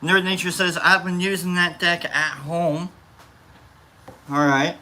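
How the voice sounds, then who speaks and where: A man casually chatting on a livestream as its host, rambling and playful, quick to get excited. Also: high-pitched.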